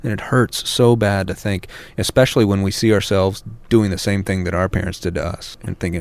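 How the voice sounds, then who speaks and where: A man's voice: low voice, steady tone, fairly quick, few pauses. An American man, a parenting author, answering a radio interviewer in an earnest way that builds to emphatic peaks.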